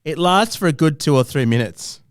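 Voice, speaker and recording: A man from Australia, a comedian co-host in casual chat, quick and sarcastic. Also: on the high side, no room sound, studio quality. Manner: sarcastic, quick, animated impressions.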